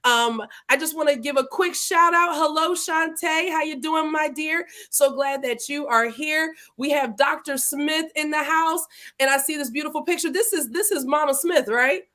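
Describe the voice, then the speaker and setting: Woman, livestream host, fairly high voice, playful chatty delivery. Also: moderate pace, bright, forceful tone. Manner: chatty, playful, greets viewers by name. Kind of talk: casual live interview chat. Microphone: livestream setup.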